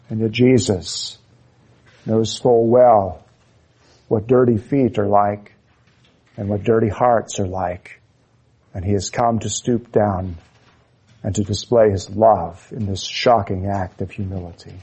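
A man preaching an expository sermon with fervent emphasis, slowing down to stress key phrases. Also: medium pitch, a little mellow, slightly rough.

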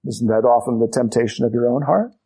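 A man's voice: mid-range voice, fairly even intonation, fairly quick, mellow, slightly rough. A man preaching an expository sermon, emphatic, building his points through repetition.

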